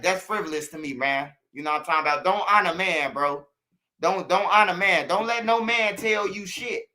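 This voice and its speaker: High, bright-voiced Chicago man preaching. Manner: street slang, repetitive, preachy. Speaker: channel host. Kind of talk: casual monologue to viewers.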